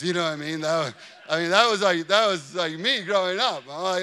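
A man in his thirties preaches to his congregation with an animated storytelling style, full of jokey asides. His voice sits high for a man and comes across bright and forceful. It stays smooth and clear throughout. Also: quick pace. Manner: animated storytelling, jokey asides, frequent "you know what I mean". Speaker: pastor. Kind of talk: sermon. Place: large church before a congregation.

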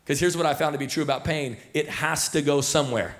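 A man's voice: fairly high pitch, fast. A man pastor preaching a sermon to his church, in a loose, storytelling way full of fillers and restarts, somewhere in his thirties. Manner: casual storytelling, many fillers and repeated starts. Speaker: senior pastor. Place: church auditorium.

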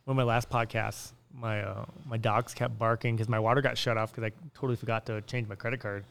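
A man's voice: lowish voice, flat delivery, quick pace, gravelly, a bit bright, smooth. A man hosting a casual podcast, rambling and upbeat as he tells stories into a close mic. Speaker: podcast host.

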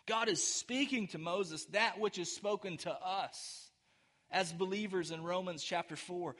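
A man's voice: fairly high pitch, slow pace, a bit bright. A man preaching a sermon as pastor, talking conversationally with the congregation and building to emphatic, rising peaks.

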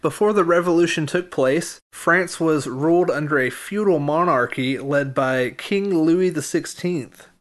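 A man co-hosting a casual history podcast, chatting easily and then reading history segments in an even, informative way. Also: a little high, measured pace, few pauses. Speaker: podcast co-host.

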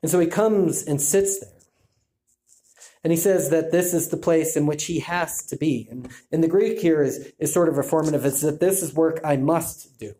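A man's voice: on the high side, normal speed, mellow. A man giving a Bible teaching talk, thinking aloud with frequent restarts. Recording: echoey room.

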